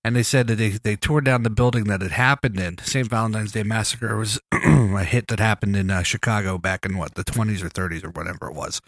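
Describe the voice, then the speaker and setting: A man's voice: lowish voice, fairly quick, hardly any pauses, no echo, studio quality. A man with a stuffy nose from a cold, hosting a casual podcast chat, rambling and joking as he steers the talk. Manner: rambling, joking, bossy with co-host. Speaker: podcast host.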